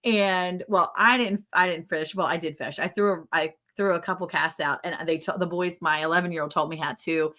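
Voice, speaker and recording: A woman's voice: lowish voice, steady tone, brisk, few pauses, bright, forceful tone. A woman co-hosting a casual livestream, chatting and reading viewer comments while laughing often. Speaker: livestream co-host.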